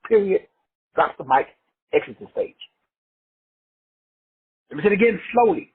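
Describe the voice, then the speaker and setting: Casting: high, husky-voiced man from Texas, slangy motivational preacher, lo-fi call audio. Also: lively intonation, normal speed, pauses often. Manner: emphatic, repetitive, slangy and profane. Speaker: teacher leading an online call. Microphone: online call. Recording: phone-like lo-fi audio.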